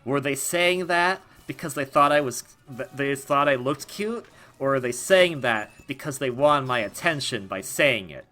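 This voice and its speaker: A man's voice: mid-range voice, lively intonation, normal speed, hardly any pauses, bright, forceful tone, faint music behind. A young man giving casual let's-play commentary, rambling and self-deprecating, with frequent restarts and laughs. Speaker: gaming video host.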